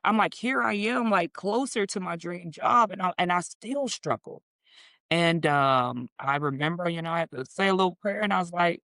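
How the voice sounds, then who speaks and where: A woman's voice: lowish voice, normal speed, no room sound. A middle-aged woman, a guest teacher, telling her story in casual conversation and acting out the voices of the people she quotes. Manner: animated, acts out quoted voices.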